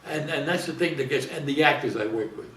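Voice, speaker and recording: An older actor, appearing as a guest in a casual interview, tells rambling anecdotes and keeps repeating and interrupting himself. His mid-range voice is a bit bright and he talks fast. He's away from the mic, so the sound is roomy with a faint hiss.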